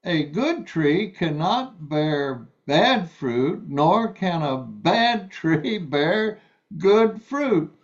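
A man preaching a sermon, reading scripture aloud and explaining it slowly and deliberately, stressing key words. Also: on the high side, big pitch swings, highs cut off.

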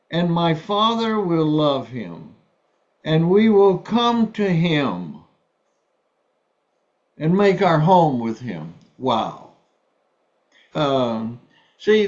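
Man preaching real slow, earnest, stumbles and repeats words, muffled lo-fi audio. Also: a little high, darkish tone. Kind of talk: sermon. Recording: dull lo-fi sound.

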